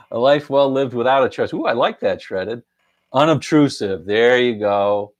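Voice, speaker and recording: A middle-aged man hosts a casual live stream at an unhurried pace. His pitch sits in an ordinary middle range, and he chuckles often and half-sings song lines while reading out viewer guesses. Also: big pitch swings.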